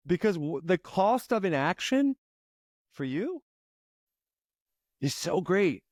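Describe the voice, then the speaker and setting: A man coaching a client, emphatic and pushing, then slowing into calm guided breathing. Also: sits high, no echo, clean studio sound. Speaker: life coach. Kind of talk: coaching session.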